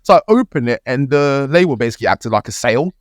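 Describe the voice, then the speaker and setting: Young british guy on a podcast, dry close sound, animated story, cursing a lot. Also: medium pitch, fast, no echo. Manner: animated, swears freely, laughs mid-story. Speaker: podcast co-host. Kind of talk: casual storytelling.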